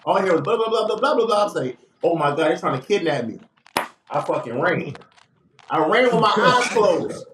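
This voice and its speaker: A man, casually telling a long funny story on a podcast, acting out the people he quotes. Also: fairly quick. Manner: lively, acts out quoted voices with big pitch jumps. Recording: echoey room with faint noise.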